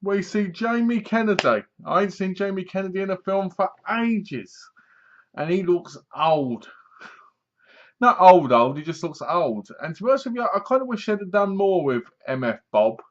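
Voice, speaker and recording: A man's voice: high voice, animated, normal speed. A man casually reviewing a film to his webcam, retelling the plot in a rambling way and laughing at the jokes. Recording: dull lo-fi webcam audio.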